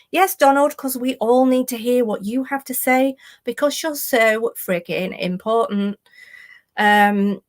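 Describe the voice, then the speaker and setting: A woman with a fairly high voice hosts a casual true crime live stream. She reads messages aloud and answers them with sarcastic, exasperated comments.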